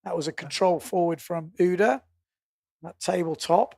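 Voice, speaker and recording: Jokey English male sports commentator, gravelly, slightly high, dry close sound. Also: a little mellow, no echo. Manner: jokey, laughs easily, quick asides. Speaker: live windsurfing commentator. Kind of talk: live sports commentary and banter.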